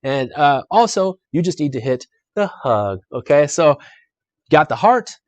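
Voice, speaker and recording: A man's voice: on the high side, very animated, a little slow, no echo. A young adult man streaming a solo board game live, chatty and upbeat as he talks to viewers and reads the adventure text. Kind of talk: casual live-stream playthrough commentary.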